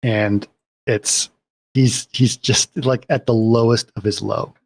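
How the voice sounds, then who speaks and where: A man's voice: mid-range voice, steady tone, slow pace, creaky, a little hiss or hum. A man on a podcast recapping a film scene by scene in casual chat, rambling along and checking in with "right?".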